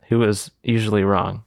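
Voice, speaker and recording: A man's voice: lowish voice, vocal fry, no echo, studio quality. A man hosting a podcast in casual chat, joking and laughing often. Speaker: podcast host. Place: room, recorded in person with co-hosts.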